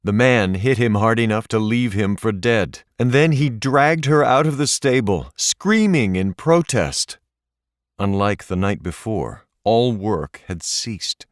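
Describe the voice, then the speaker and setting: This scripted audiobook narration comes from a man whose voice sits on the low side. His reading is measured and expressive, and the studio-quality recording has no echo.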